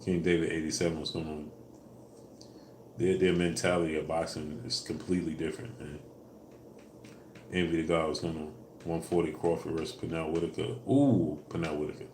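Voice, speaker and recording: A man hosting a casual live stream, answering viewers in a relaxed way with fillers, louder when asking for likes. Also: a bass voice, brisk, slight background noise. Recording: echoey room with faint ambience.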